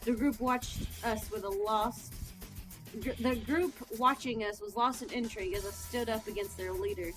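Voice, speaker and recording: A woman's voice: a little high, steady tone, normal speed, soft background music. A woman hosting a casual comedy show, reading a story aloud in a playful, dramatic way. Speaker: host. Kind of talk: reading a visual novel aloud, casual chat.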